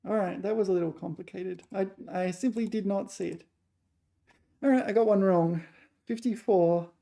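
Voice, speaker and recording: A woman chess player thinking aloud while solving puzzles, muttering her move calculations in short fragments, a little hoarse. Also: medium pitch, normal speed, dark tone.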